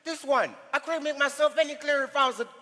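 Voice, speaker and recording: A young man plays a pompous small-town mayor whose voice sits very high and rings bright. He blusters and bristles over permits. The sound comes from a stage in a big echoing hall. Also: fast talker. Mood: blustering. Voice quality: pompous, indignant, bureaucratic bluster. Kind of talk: school stage musical acting. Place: school stage in a large hall. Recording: echoey hall, voice from far off.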